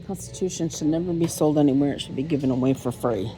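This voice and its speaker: A woman's voice: low voice, fast talker, dark tone, a little hiss or hum. A woman vlogging as she browses a thrift store, telling a rambling story with many ums and restarts, filming on a handheld phone.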